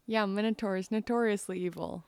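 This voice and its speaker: A young woman playing a tabletop game, speaking in a deadpan way. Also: mid-range voice, fairly quick, smooth, no room sound, studio quality. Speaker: player.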